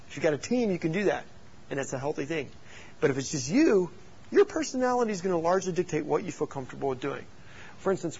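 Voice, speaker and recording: Man, youth pastor, teaching talk, animated storyteller, higher voice, dull recording. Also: breathy edge. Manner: storytelling, animated and jokey, with rhetorical questions.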